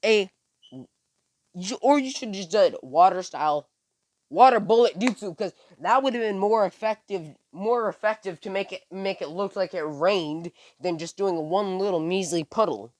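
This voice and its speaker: A man's voice: high-pitched, normal speed, no room sound, pitched above the performer's own voice, natural voice. A guy putting on a cocky young ninja boy. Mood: mocking. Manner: lecturing, mocking, casual slang. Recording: dry close phone mic.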